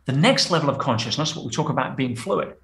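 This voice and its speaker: A man's voice: medium pitch, lively intonation, fast talker, fairly bright tone, roomy sound. A man speaking as a guest coach in a podcast interview, emphatic and full of rhetorical questions.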